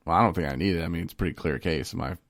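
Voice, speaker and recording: A man with a deep, gravelly voice chats casually on a podcast. He talks in a rambling way and laughs as he tells his stories. The sound is close and dry. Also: rapid-fire, dry recording. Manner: rambling, laughing storyteller acting out phone calls. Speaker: podcast co-host. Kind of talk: casual chat.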